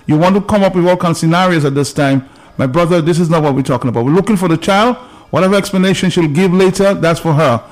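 Firm radio host, higher voice. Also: male voice, fast. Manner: firm, repeats words to drive a point home. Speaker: radio talk show host. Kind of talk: call-in radio talk. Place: radio studio.

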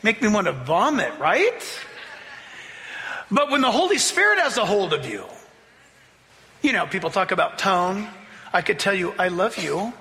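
A male pastor preaching a sermon, emphatic, slowing down to read scripture aloud and mimicking voices to make his points. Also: high-pitched, very animated, bright, forceful tone, in a large hall, slight background noise.

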